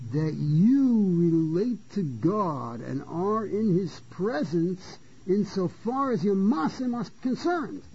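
A man's voice: high-pitched, dark tone, husky. A man teaching a Torah lecture, stopping to repeat and restart phrases, and asking questions that he then answers himself. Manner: poses rhetorical questions and answers them. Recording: dull lo-fi recording.

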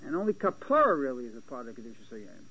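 A man giving a Talmudic lecture to a small class, halting and restarting often and checking that his listeners follow. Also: mid-range voice, sing-song, vocal fry, bright, forceful tone, slightly rough. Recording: dull lo-fi lecture recording with faint hiss.

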